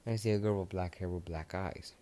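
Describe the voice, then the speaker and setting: A man's voice: sits low, fairly even intonation, quick pace, mellow. A young man casually improvising a fan story, rambling with many restarts and asides.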